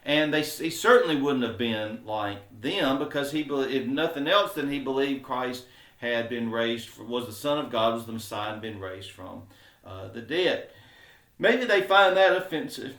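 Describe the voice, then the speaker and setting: A man's voice: medium pitch, animated, normal speed, a bit bright. A man teaching a conversational Bible study, explaining informally with fillers and acting out quotes with sarcasm. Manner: acts out quoted speech with sarcasm. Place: church classroom. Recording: roomy echo.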